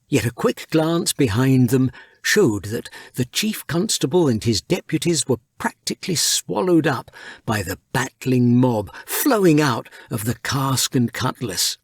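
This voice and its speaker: A man narrating an adventure audiobook, reading in a lively, unhurried scripted storybook style. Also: medium pitch, breathy edge, dry recording, clean studio sound.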